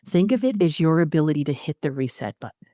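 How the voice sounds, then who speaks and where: A woman hosting an astrology podcast, giving expressive spiritual guidance with frequent fillers. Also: sits low, quick pace, no room sound, studio quality.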